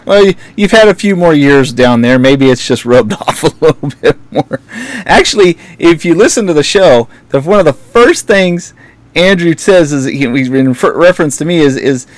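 A man's voice: fairly high pitch, moderate pace, dry recording. Male radio co-host, casual chat, laughs a lot, dry close sound. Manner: laughs often, joking and animated.

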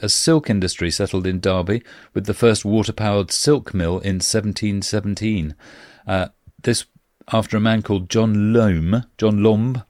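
A man hosts a relaxed podcast and works through a list of local facts, dropping in filler sounds and wry jokes. His voice sits a little low. The recording is dry and close, with no room sound. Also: dry recording. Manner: reads facts steadily with frequent "uh" fillers and dry asides. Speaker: podcast host. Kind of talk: casual podcast chat, reading out facts.

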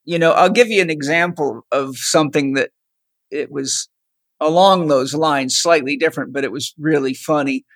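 A man chatting casually as host, telling a lively family anecdote. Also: a little high, moderate pace, no echo. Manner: animated anecdote-telling, fond. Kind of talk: casual chat, storytelling.

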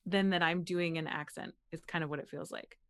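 A young American woman from Pennsylvania, a voice actor chatting as an interview guest, animated and quick to laugh. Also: fairly low pitch. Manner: animated, laughs often, frequent "like" fillers. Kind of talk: casual interview chat.

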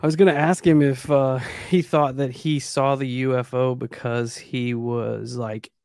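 A man hosting a casual talk show, relaxed and thinking out loud. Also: medium pitch, a little slow, vocal fry, no room sound, studio quality. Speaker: host. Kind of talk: casual chat.

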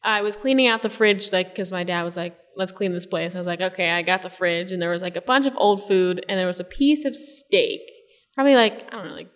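A woman's voice: lowish voice, a little fast. Rambling young woman in a reverberant room. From New Jersey Shore. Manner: rambling, laughing storyteller, many likes. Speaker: guest. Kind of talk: casual interview chat.

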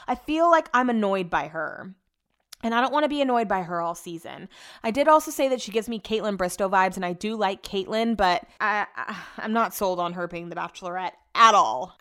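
A woman's voice: mid-range voice, a bit bright. Chatty young woman gossiping casually. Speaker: podcast host. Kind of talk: casual chat.

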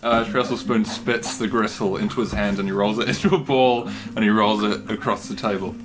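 A man playing in a tabletop game, giggly and animated, dropping low to narrate his character's actions. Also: brisk, background noise. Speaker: player. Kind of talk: casual tabletop role-play. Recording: music bed behind the talk.

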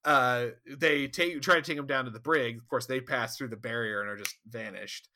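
A man co-hosting a casual podcast, recapping an episode in an animated, laughing and profane way. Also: mid-range voice, normal speed. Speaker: podcast co-host. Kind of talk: casual chat.

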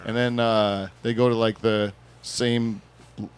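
A man's voice: fairly low pitch, flat delivery, unhurried, clean tone. A Canadian man with a Southern Ontario accent, hosting a casual group podcast chat, joking and rambling with frequent laughs. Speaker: podcast host.

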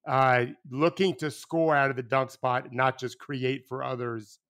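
A former basketball coach in casual podcast conversation, animated and rambling, restarting sentences and swearing casually. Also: male voice, medium pitch, measured pace, clean tone.

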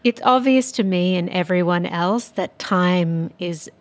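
A woman podcast host asking an interview question in a thoughtful, measured way. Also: fairly low pitch.

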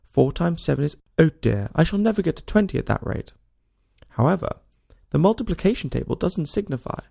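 A man's voice: on the high side, big pitch swings, brisk, vocal fry, dark tone, husky, voice pushed up, heavily acted. Alice, a man voicing a fretful little girl. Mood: puzzled. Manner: talks to herself, rambling and worried. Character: small curious fretful English girl. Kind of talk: storybook reading.

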